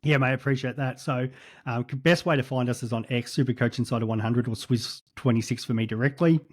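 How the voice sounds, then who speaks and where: A man's voice: mid-range voice, fairly quick, no echo. A man with an Australian accent talking casually as a podcast guest, with frequent ums and restarts. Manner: hesitant, lots of ums and restarts.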